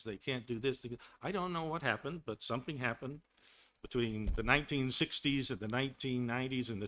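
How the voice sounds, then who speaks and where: An older man from Texas, but with no regional accent, speaks casually over a video call. His tone is bright and forward, and he wanders through his points with repeated words and restarts. A nagging throat makes him clear it from time to time. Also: mid-range voice. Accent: none, general American. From Texas, United States. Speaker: webinar guest speaker. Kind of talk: casual lecture.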